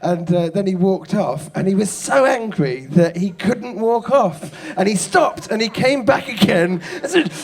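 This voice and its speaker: Excitable man telling an anecdote. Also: high voice, measured pace, gravelly, few pauses. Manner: lively storytelling, shouting out quoted hecklers, laughing. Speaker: comedian guest. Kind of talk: casual anecdote. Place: stage before a live audience.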